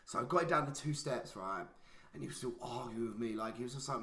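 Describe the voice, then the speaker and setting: Recorded in an echoey room, a young man co-hosting a podcast tells a casual, profane story with lots of "like." His mid-range voice moves at a quick pace and has a sharp tone.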